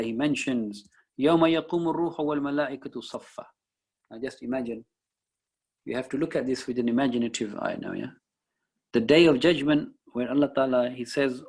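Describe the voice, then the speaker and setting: A man's voice: medium pitch, vocal fry, breathy edge, poor audio. A man teaching a Quran lesson, reciting verses and explaining each one in English. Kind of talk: Islamic study lecture.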